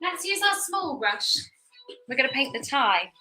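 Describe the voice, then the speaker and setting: Brief: young female art teacher, bright and fairly high voice, chatty, encouraging, leading a kids' painting class. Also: very animated, moderate pace, soft background music, low-quality recording. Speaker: painting instructor. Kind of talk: live step-by-step painting class for kids.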